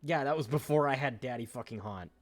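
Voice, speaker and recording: A man's voice: medium pitch, fairly quick. A man chatting casually while playing a card game on a stream, joking and cursing, sometimes humming and beeping to himself. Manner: swearing, joking, hums and beeps to himself. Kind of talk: casual game-night banter. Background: faint music.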